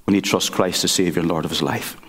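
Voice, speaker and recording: A man, a pastor, preaching a sermon and telling a story in an earnest, halting way with many restarts. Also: low voice, steady tone, a bit bright, breathy edge. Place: church sanctuary. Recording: church hall reverb.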